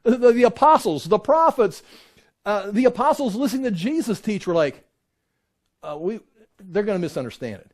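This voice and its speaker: Animated, high-voiced man teaching a Bible class. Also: normal speed. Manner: animated, with sarcastic asides and mock voices.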